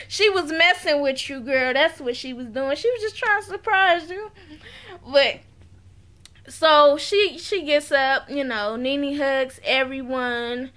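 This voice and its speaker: Chatty sassy lady doing a reality show recap, bright voice, takes her time. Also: high voice, slow. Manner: chatty and sassy, talks straight to viewers; laughs often. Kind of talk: casual recap chat to camera.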